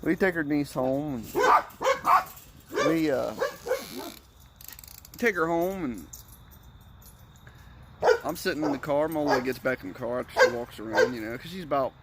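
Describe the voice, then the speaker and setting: A man's voice: a little high, unhurried, long pauses, very noisy. Rambling, profane man telling stories. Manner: rambling, profane, animated retelling. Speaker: storyteller. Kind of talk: casual storytelling.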